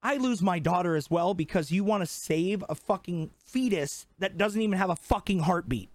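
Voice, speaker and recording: A man's voice: sits high, moderate pace, no room sound. A man in his twenties co-hosting a podcast, ranting heatedly and swearing constantly. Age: 20s. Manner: profane, fired up, emphatic. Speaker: podcast co-host. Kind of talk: heated casual rant.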